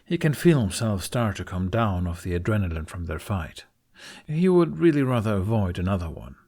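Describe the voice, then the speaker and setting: A man narrating a fan fiction audiobook with an expressive reading. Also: lowish voice, moderate pace.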